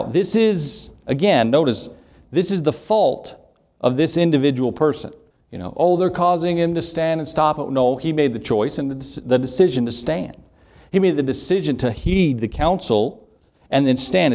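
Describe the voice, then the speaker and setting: A man's voice: medium pitch, a little mellow. A man preaching a sermon, reading scripture aloud and asking rhetorical questions with emphasis. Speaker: pastor.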